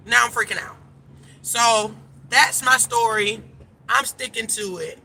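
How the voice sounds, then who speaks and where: A woman's voice: on the high side, measured pace, vocal fry, sharp tone, husky. A woman life coach talking casually and emphatically to her viewers from a car, calling them y'all. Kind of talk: casual direct-to-camera chat.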